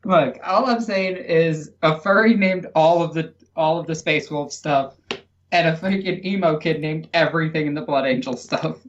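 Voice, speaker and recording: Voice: medium pitch, moderate pace, dull audio. A podcast host with a New York accent, sarcastic and mock-dramatic in casual chat.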